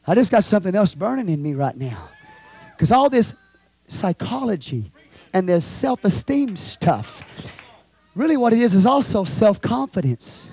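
A man preaching a fiery sermon as pastor of his church, swinging from hushed asides to shouts. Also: sits high. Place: church sanctuary.

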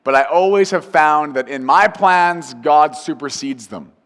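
A man's voice: a little high, a little slow, a bit bright, big-room sound. A man, a pastor, preaching a sermon earnestly and building emphasis with repeated phrases.

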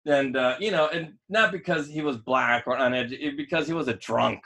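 Bright, emphatic man rambling on a podcast. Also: medium pitch, brisk. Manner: rambling and emphatic, stalls to hunt for words. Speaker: podcast co-host. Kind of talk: casual podcast chat.

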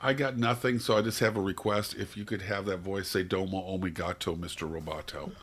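A man's voice: on the low side, fairly quick, a bit bright. A man competing in a casual trivia game, wry and self-deprecating. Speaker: quiz contestant.

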